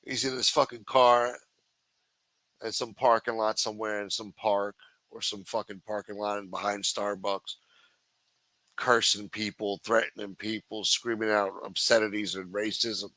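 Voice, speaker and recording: A man's voice: lowish voice, level tone, normal speed, bright, forceful tone, dry recording, rough recording. A man hosting a livestream, ranting with constant profanity in a sneering, contemptuous way. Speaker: livestream host.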